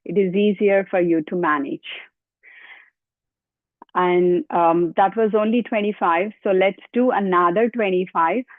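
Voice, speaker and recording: Slow-talking woman yoga instructor, phone-like sound. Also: medium pitch, steady tone, no room sound. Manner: counts repetitions aloud, gives step-by-step cues. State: out of breath at times. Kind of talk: guided exercise instruction. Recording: tinny phone-like dry sound.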